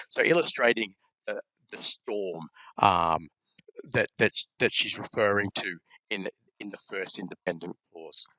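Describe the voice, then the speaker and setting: Halting male teacher, bright and close. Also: fairly low pitch, dry recording, dull audio. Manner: halting, with many ums and repeated words. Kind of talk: explaining grammar in a lesson video.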